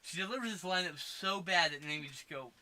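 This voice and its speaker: Bright, excitable man reviewing a movie. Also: on the high side, fast talker. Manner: excitable, swearing, laughs often. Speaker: podcast co-host. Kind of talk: casual movie review chat.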